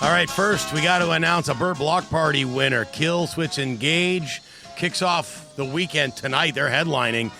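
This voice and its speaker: A man's voice: fairly high pitch, normal speed, creaky, music in the background. A man co-hosting a radio show, asking the guest questions and reading out announcements. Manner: asks questions, reads announcements. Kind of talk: casual chat.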